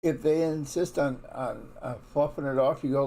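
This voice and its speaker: A man's voice: on the high side, fairly even intonation, normal speed, few pauses, mellow. A man giving a casual morning Bible devotion in a frank, folksy, conversational way, often restarting his sentences. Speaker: devotional teacher.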